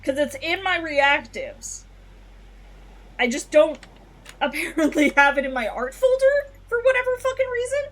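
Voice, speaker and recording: A woman streamer casually chatting through a game, animated, swearing often and laughing between lines. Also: high-pitched, moderate pace.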